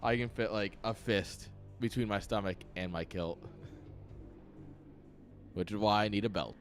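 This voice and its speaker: Low-voiced guy casting a game live, dry sarcastic jokes, lots of ums, faint music behind. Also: slow pace. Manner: dry, sarcastic and rambling, with many fillers. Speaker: esports caster. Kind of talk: casual live game commentary.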